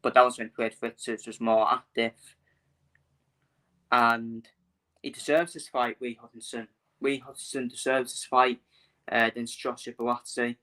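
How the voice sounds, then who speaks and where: A man's voice: mid-range voice, level tone, a little slow, long pauses, bright, forceful tone. A man talking casually to viewers in a live stream, often repeating his phrases and filling gaps with "uh". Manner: repeats himself, fillers, talks to viewers. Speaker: boxing vlogger.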